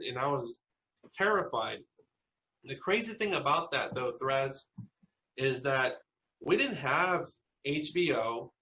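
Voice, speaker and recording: A South Texas man appears as a podcast guest, sharing eerie stories from his own life in a bright, forward, middle-pitched voice. He speaks earnestly but haltingly, often restarting sentences, and the audio quality is poor.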